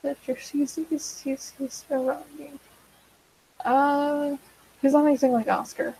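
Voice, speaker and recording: A woman's voice: sits high, fairly even intonation, measured pace, creaky, warm tone, poor audio. A teenage girl chatting casually while drawing, rambling and awkward, full of fillers and restarts, self-deprecating. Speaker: digital artist vlogger. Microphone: desk mic.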